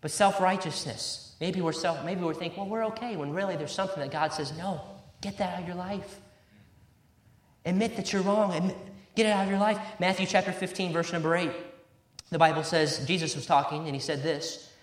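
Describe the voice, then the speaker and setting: High-voiced preacher in an echoey church. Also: male voice, a little fast. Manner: emphatic, repeats key words, quotes scripture in old-fashioned wording. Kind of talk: sermon. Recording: roomy echo.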